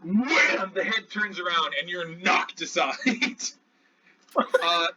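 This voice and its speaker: A man narrating as game master in a tabletop game, slow and animated. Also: high-pitched, breathy edge. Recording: dull lo-fi audio.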